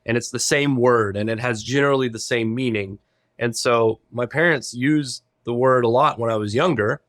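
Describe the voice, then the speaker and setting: Easygoing male podcast guest, mid-pitch, storytelling, dry sound. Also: moderate pace, fairly bright tone, dry recording. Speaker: podcast guest, lawyer and pilot. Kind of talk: casual interview chat.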